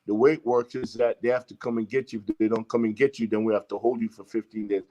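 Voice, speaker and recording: Profane, animated male storyteller. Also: fairly low pitch, quick pace, dull audio. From Jamaica. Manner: profane, emphatic, acts out quoted exchanges. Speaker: interview guest. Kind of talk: casual storytelling.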